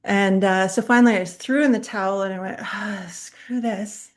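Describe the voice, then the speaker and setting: A middle-aged woman, a public speaking coach, teaching an online master class in a chatty, animated way, often laughing mid-sentence as she tells stories. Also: mid-range voice, fast. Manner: chatty, direct, addresses viewers.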